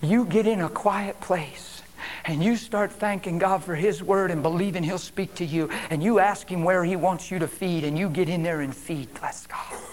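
A man preaching a sermon as a guest preacher at a church service, swinging from emphatic declarations to hushed whispers. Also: high voice, normal speed.

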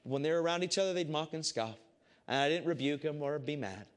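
A man with a somewhat high-set voice tells a Christian testimony in casual, everyday talk. He is animated and swings from bursts of loud excitement to hushed, intense stretches. He keeps saying "I said" as he tells it. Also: fast talker. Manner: casual, repeats "I said" often. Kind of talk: testimony storytelling to a crowd.

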